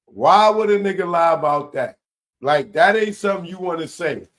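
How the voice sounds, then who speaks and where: A man with a high-pitched, expressive voice hosts a commentary show and reacts to a news story. He laughs in bursts and draws out loud, incredulous exclamations.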